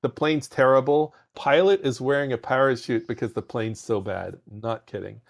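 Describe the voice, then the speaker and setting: A man, a podcast guest, telling animated anecdotes with a softened foreign accent, often repeating words as he starts sentences. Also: medium pitch, moderate pace, gravelly. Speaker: podcast guest, game industry founder. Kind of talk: conversational storytelling.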